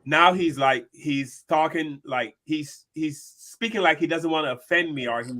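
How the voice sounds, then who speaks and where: A man's voice: on the high side, a little slow, pushed and bright. A man co-hosting a casual discussion show, telling a personal story and acting out the people in it. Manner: storytelling, acts out quoted people. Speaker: podcast co-host.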